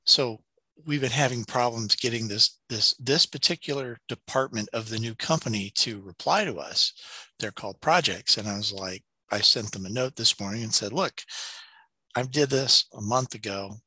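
A man co-hosting a podcast in casual chat, telling animated stories and ranting with some profanity. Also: mid-range voice, normal speed, husky, dry recording. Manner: animated storyteller, rants with profanity. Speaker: podcast co-host.

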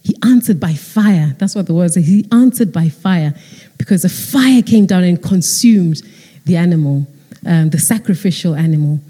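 A woman preaching a sermon, retelling a story in lively fashion and acting out the characters. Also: lowish voice, normal speed, breathy edge. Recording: long hall reverb.

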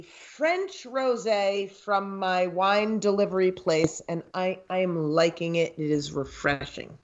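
A woman's voice: fairly low pitch, lo-fi sound. A woman co-hosting a podcast, rambling casually with stuttered restarts. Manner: rambling, halting with repeated starts. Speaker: podcast co-host. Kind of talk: casual chat.

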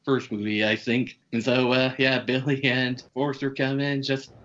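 Man, podcast co-host, casual movie recap, bright tone, muffled lo-fi audio. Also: mid-range voice, level tone, moderate pace. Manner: rambling recap with swearing and laughs.

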